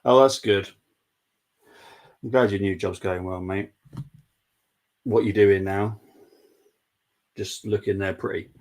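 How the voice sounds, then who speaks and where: Young bloke doing a footy watchalong stream, low gravelly husky voice, chatty, reads out chat. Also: male voice, fairly even intonation, slow pace, pauses often, a little mellow. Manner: chatty, reads out viewer messages, laughs often. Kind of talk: casual live football watchalong chat.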